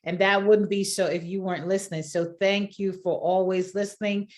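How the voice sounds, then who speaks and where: A woman's voice: medium pitch, flat delivery, brisk. A woman hosting a podcast who introduces her guest with effusive, encouraging praise. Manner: effusive, warm and encouraging, laughs often. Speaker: podcast host. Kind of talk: casual interview chat.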